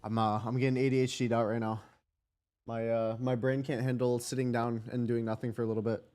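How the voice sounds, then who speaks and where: A man's voice: mid-range voice, level tone, a little fast, darkish tone. A young man chatting casually to his stream chat, rambling, correcting himself and swearing offhand. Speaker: streamer hosting a watch party.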